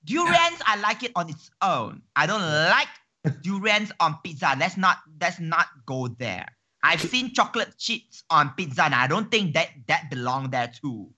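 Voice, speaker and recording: A woman guest in a casual chat, animated and quick to exclaim and laugh. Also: low voice.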